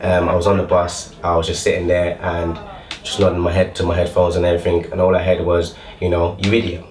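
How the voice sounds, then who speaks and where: A young man telling a story casually, animated and laughing as he acts out quoted voices. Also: low-pitched, fairly quick, reverberant, far from the mic. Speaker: guest.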